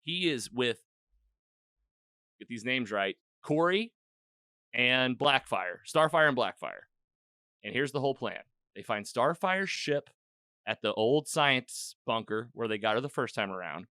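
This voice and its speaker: Speaking unhurriedly with frequent pauses, a man with an animated, pushed, bright mid-range voice goes over a podcast episode. The sound from his own mic is smooth, echo-free, and studio quality, and his loose recap is full of "like" and acted-out dialogue.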